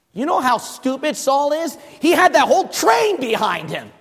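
A man's voice: very high voice, very animated, normal speed, in a large hall. A man preaching a fervent sermon as pastor, firing rhetorical questions at his congregation.

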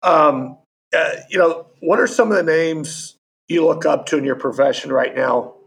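A man's voice: a little high, moderate pace, vocal fry, a bit bright, slightly rough. A man hosting a podcast interview, talking earnestly and casually and asking his guest questions. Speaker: podcast host.

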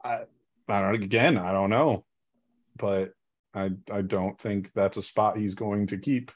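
A man's voice: on the low side, fairly even intonation, unhurried. A man in a casual sports chat, opinionated and rambling, with frequent restarts.

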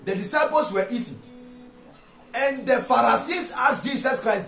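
A man preaching a sermon, repeating phrases and rising to shouted rhetorical questions. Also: very high voice, expressive, moderate pace, vocal fry. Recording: echoey room with faint music.

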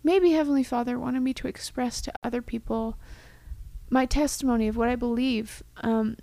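A woman's voice: a little high, steady tone, moderate pace, dark tone, no room sound. A young woman co-hosting a casual chat, speaking heartfelt and reflective, sometimes dropping to a whisper. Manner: heartfelt, reflective, drops to a whisper for quoted thoughts.

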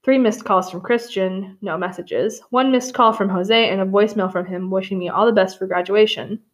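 A woman's voice: medium pitch, steady tone, normal speed. A woman reading a novel aloud on a comedy podcast, breaking off for sarcastic asides. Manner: wry, sarcastic asides between read passages. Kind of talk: comedic dramatic reading with commentary.

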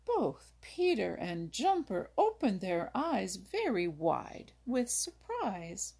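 A woman narrating an animal storybook, reading aloud in a gentle, measured way. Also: lowish voice, very animated, vocal fry, slightly rough.

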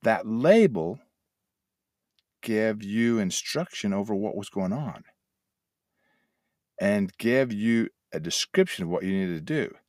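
A man's voice: lowish voice, unhurried, darkish tone, no room sound, clean studio sound. An older man hosting a motivational talk, telling folksy stories and acting out little sound effects. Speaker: host and addiction mentor trainer.

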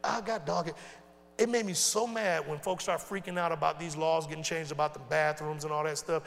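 Man preaching, high bright voice, gravelly edge, rhetorical questions, loud-to-soft swings, long hall reverb. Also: fairly even intonation, fairly quick. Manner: casual folksy phrasing. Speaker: pastor. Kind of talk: sermon.

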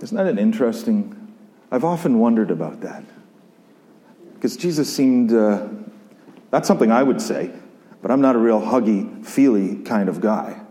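A man preaching a sermon and reading scripture, reflective and conversational, pausing and repeating himself as he thinks aloud. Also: on the low side, lively intonation, mellow. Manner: reflective, conversational, with pauses and repetitions. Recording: long hall reverb.

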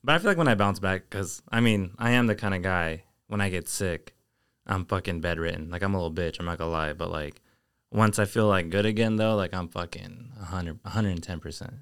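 A man's voice: low voice, fairly quick, fairly bright tone, clear, resonant tone. A man co-hosting a podcast, chatting casually in a loose, profane, cheery way. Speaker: podcast co-host. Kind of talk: casual chat.

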